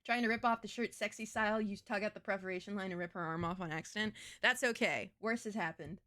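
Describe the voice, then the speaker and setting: A woman's voice: medium pitch, quick pace, bright, forceful tone. A young adult woman streaming as a VTuber, chatting casually in a crude, blunt, self-mocking way. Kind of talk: casual live-stream chat.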